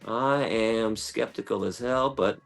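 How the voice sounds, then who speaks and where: A man telling a long story in conversation, animated and acting out other people's lines, with casual swearing. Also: fairly low pitch, slow, creaky, faint music behind. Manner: animated, acts out quoted voices, swears casually. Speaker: guest, animal rights activist.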